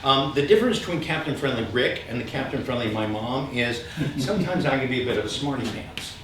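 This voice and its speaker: A man's voice: medium pitch, quick pace. Echoey, distant man telling funny stories. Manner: animated and self-mocking, with frequent ums. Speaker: speaker sharing stories at a gathering. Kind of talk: humorous personal storytelling to a live audience. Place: large room with an audience. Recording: echoey hall, from far off, with background noise.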